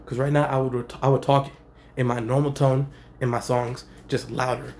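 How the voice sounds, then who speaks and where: A young man, a rapper, speaking in a laid-back, slangy way with a monotone delivery in a casual vlog. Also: mid-range voice, moderate pace, slight background noise. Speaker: rapper and channel host. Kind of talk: casual talking-head vlog.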